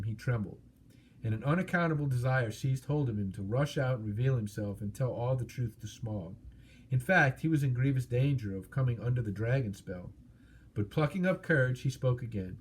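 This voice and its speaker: A man narrating an audiobook in a steady, expressive storytelling manner. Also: medium pitch, a little hiss or hum.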